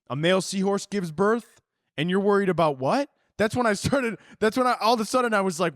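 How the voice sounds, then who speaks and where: Young guy podcaster ranting and swearing, kinda high voice, dry close sound. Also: a little fast, no room sound. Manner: profane, animated ranting with sudden shouts and laughs. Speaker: podcast host. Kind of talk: solo comedic ranting.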